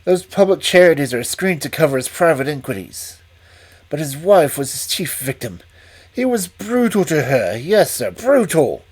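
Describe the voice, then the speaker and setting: A man plays a jittery estate manager, out of breath and pressing his words out in urgent bursts. The voice rides higher and louder than the storyteller's own, husky at the edges, in a storybook reading. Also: sing-song, normal speed. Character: nervous, frightened thin male estate manager.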